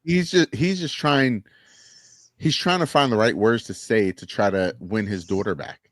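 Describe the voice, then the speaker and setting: A man's voice: lowish voice, normal speed, dry recording, clean studio sound. A man co-hosting a podcast, chatting casually about a TV episode and animatedly acting out the scene's dialogue. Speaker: podcast co-host. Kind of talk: casual TV review chat.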